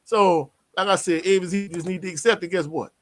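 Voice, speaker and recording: A man hosting a sports livestream, reading chat comments aloud and answering with brash, animated trash talk. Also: sits high, fairly quick. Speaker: sports show host reading live chat.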